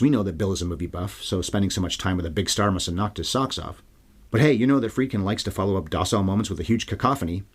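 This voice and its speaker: A man with a fairly low, breathy-edged voice hosts a solo film review podcast. His delivery is casual, profane, and irreverent, sprinkled with wry, sarcastic asides.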